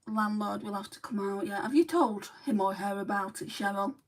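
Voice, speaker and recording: A woman's voice: medium pitch, normal speed. Lancashire lady chatting thru a makeup livestream, bit far off the mic. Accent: Lancashire English. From Lancashire, England. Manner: chatty, reads out and answers viewer comments. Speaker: beauty livestream host. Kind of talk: casual livestream chat reading comments.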